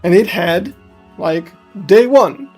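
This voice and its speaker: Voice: mid-range voice, slow, a little mellow. Swearing streamer ranting. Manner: heated ranting, swears freely, laughs at self. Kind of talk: casual live-stream chat. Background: faint background music.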